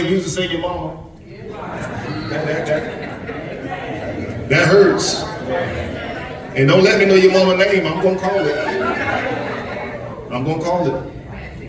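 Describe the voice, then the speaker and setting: A man preaching a sermon to young people, repeating words and restarting phrases as he goes. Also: high-pitched. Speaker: pastor. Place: church sanctuary. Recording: very echoey church sanctuary from far off.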